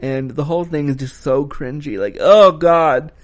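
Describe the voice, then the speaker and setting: A man's voice: medium pitch, expressive, normal speed, mellow. A man giving a casual spoken film review, talking frankly and critically, with the occasional swear word.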